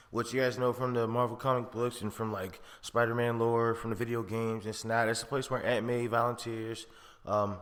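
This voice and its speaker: A man's voice: medium pitch, fairly bright tone, in a large hall. A man hosting a podcast, reviewing a film in a rambling, profane, slangy way with frequent laughs. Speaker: podcast host. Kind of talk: casual film review chat.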